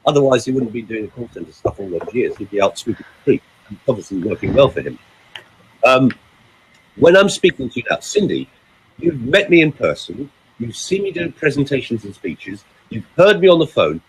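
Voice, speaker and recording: A man, a vocal coach, talking in a podcast chat and demonstrating delivery with lively emphasis. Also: medium pitch, brisk, slightly rough.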